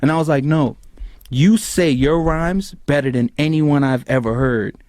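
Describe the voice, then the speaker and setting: A man tells a long story in a loose, animated way and acts out the other people's lines in it. His voice jumps up sharply when he quotes people in an argument. The sound is dry and close to the mic. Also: a little high, normal speed, no echo. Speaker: clip storyteller. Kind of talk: recounting an anecdote.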